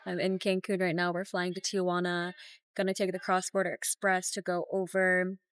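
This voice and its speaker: A woman's voice: fairly low pitch, monotone, moderate pace, smooth, no echo. Emotional young woman vlogging on the road. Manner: emotional, heartfelt, heavy use of "like". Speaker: vlogger and breathwork coach. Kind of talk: casual travel vlog monologue.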